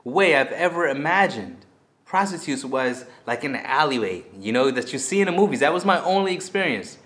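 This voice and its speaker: A man telling a personal story to his viewers in a casual, animated way, acting out his own past reactions. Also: on the high side, fairly quick.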